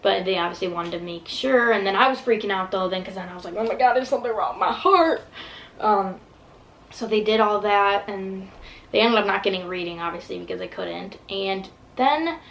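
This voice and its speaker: A woman's voice: mid-range voice, creaky, low-quality recording. A young woman vlogger telling a long personal story in casual, rambling talk full of fillers and swearing.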